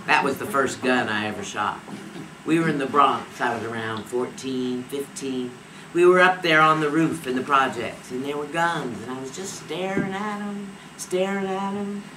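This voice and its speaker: An actress playing a streetwise young woman in a stage monologue, animated and laughing as she acts out the people in her story. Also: extremely low pitch, recorded from a distance. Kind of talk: stage monologue based on an interview. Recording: echoey stage recorded from afar, steady noise.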